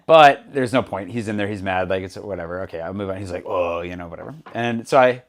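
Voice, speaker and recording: Man, podcast host, quick pace, casual chat, animated retelling of confrontations. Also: low-pitched. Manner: animated storyteller, acts out quoted exchanges. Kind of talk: casual conversation.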